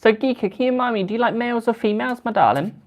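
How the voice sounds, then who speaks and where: A man's voice: very high voice, rapid-fire. A British man doing tarot readings on a live stream, chatting with viewers and calling them "my darling". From United Kingdom. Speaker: tarot card reader.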